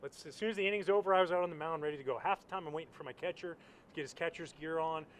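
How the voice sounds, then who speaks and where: A man, a former baseball pitcher, telling lively stories as a guest and acting out the voices of others, outdoors at a stadium. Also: very fast, slight background noise. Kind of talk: animated storytelling.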